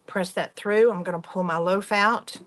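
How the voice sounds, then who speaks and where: An enthusiastic woman, possibly in her fifties or older, hosting a live demonstration of soap-making crafts and chatting warmly to her viewers. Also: medium pitch, fairly even intonation, normal speed. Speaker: workshop host.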